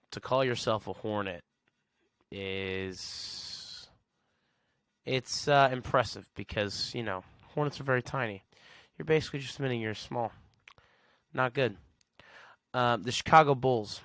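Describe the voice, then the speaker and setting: A podcast host rambles through a sarcastic solo rant, chuckling at his own jokes. His mid-range voice has a fairly bright tone, recorded dry and at studio quality.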